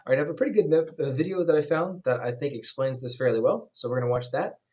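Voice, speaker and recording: A man teaching a writing class in a relaxed, conversational way, with frequent fillers as he explains. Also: mid-range voice, fast. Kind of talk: recorded class lecture.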